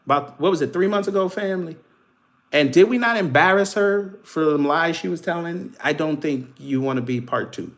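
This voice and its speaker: On his livestream, a man with a fairly high pitch talks politics casually at normal speed, using an African American Vernacular English accent. He mocks commenters, trash-talking them and laughing.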